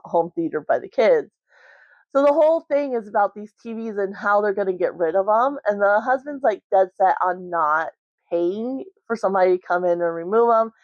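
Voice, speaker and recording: A woman's voice: medium pitch, no echo. A woman vlogger chatting casually about a book at home, rambling with lots of "like" and "um". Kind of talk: casual book review chat. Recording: dry, slightly muffled recording.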